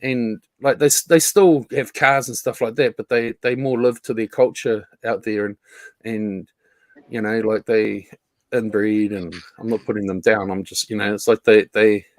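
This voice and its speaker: A man's voice: on the low side, steady tone, moderate pace, no room sound. Rambling man with a dry, close sound. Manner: rambling, filler-heavy, swears casually. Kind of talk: casual chat.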